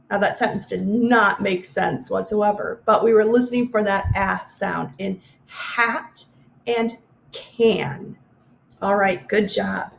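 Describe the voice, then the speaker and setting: A woman teaching a phonics lesson to young children, sounding out letter sounds slowly and clearly. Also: medium pitch, sing-song, slight background noise.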